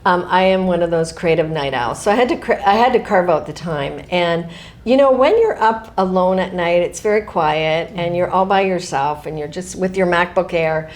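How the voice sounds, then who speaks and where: A middle-aged woman author talking casually in an interview, animated, often laughing and restarting her sentences. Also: on the low side, normal speed.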